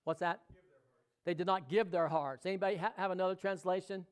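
The pastor's voice is high and clean-toned, with fairly even intonation and a brisk delivery. In his sermon he shifts from loud exhortation to hushed intimacy and asks the congregation questions outright.

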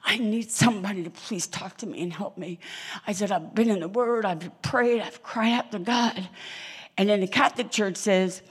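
A middle-aged woman preaching to a church congregation, telling stories dramatically and acting out the voices of people she quotes, dropping to whispers and rising to loud exclamations. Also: medium pitch, a little fast, breathy edge. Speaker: guest preacher. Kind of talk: animated sermon with storytelling. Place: church hall in front of a congregation.

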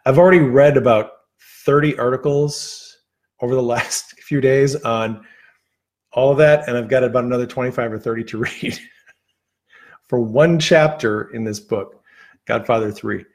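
His voice is giving out after an hour of talking. This man, a livestream host with a medium pitch, chats with viewers in a casual, rambling, halting manner full of fillers and restarts.

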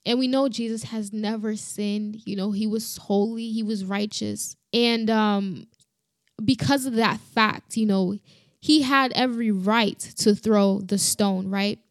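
A woman sharing a personal Bible reflection, earnest and halting, often restarting and growing emotional. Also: medium pitch, fairly even intonation, no room sound, clean studio sound. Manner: earnest, halting, many restarts and "you know".

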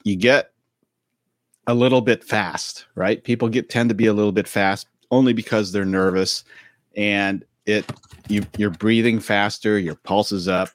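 Male podcast co-host, low voice, dry sound, easygoing and meandering. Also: fairly even intonation, unhurried, no echo. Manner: rambling, loose storytelling with many fillers. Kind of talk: casual podcast chat.

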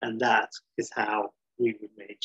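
Husky-voiced man with a lo-fi sound. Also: fairly low pitch, flat delivery, unhurried, a bit bright. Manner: jokey, breaks into silly put-on voices. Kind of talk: casual chat.

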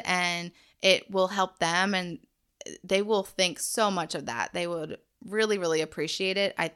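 A woman in her thirties talks to parents on her podcast, earnest and encouraging. Her voice is bright and clear, with a smooth finish and a slightly low pitch for a woman. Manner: earnest, encouraging, faith-based. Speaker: podcast host and coach. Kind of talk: casual solo podcast talk. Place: home.

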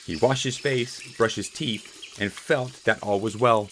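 A man reading a rhyming children's picture book aloud in a gentle way. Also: on the low side, a little slow, hardly any pauses, slight background noise. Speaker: storyteller.

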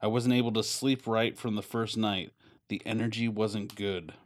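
A man's voice: on the low side, steady tone, normal speed, no echo. A man co-hosting a casual podcast, reading a news story aloud and tripping over words with dry remarks. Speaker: podcast co-host.

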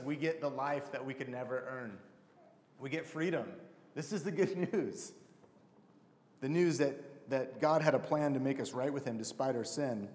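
A man preaches a sermon in a conversational style and keeps turning questions back to his congregation. His voice sits a little high. The sound carries the long reverb of a large church hall. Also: slight background noise. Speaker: pastor. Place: church sanctuary.

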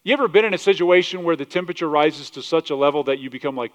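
A man preaching a sermon as pastor, passionate, swinging from loud declarations to quiet asides, quoting scripture and acting out other people's voices, asking the congregation questions. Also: racing, few pauses, lo-fi sound. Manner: passionate, rises loud then drops low, acts out quoted voices; asks the congregation questions, southern 'y'all'.

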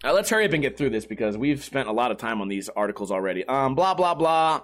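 A man's voice: mid-range voice, big pitch swings, fast talker, a bit bright. A young man reading news articles aloud and commenting on them in a rambling way, swearing constantly and restarting his sentences. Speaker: streamer reacting to news articles. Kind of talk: casual profane commentary.

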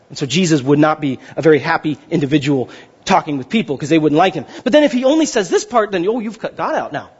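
A male pastor in his thirties preaching a sermon, talking fast and getting excited, often checking in with the crowd. His voice sits high and swings widely, with a slightly husky edge. The recording sounds dull and lo-fi.

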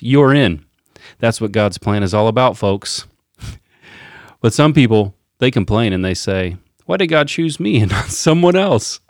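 Picture a swaggering politician delivering a sermon, as a man puts him on, low-voiced and bragging with rally-style repetition. His pitch jumps up on the big claims. The sound is close and dry. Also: no echo, lightly acted. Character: boastful male politician preaching a sermon.

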